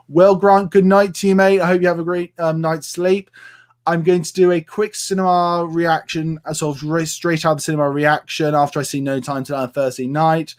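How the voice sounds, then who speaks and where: A man's voice: fairly high pitch, fairly even intonation, a little fast. A man from the United Kingdom chatting casually on a live stream and answering viewers' comments with plenty of fillers.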